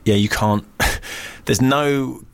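A man's voice: medium pitch, drawn-out words, vocal fry, clean tone. A man co-hosting a casual chat, rambling with many restarts and laughs. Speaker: podcast co-host.

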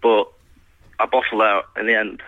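A man's voice: on the low side, flat delivery, normal speed, no room sound. Hesitant man on the phone. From Sheffield, England. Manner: modest, hesitant. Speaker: caller. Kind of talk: casual phone-in chat. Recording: dull phone line.

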